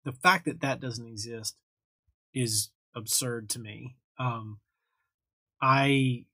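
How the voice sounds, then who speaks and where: A man's voice: medium pitch, takes it slowly, sharp tone, slightly rough, no room sound. A young man casually hosting a livestream, chatting loosely and thanking viewers as he reads their comments. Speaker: livestream host answering chat. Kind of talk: casual live chat.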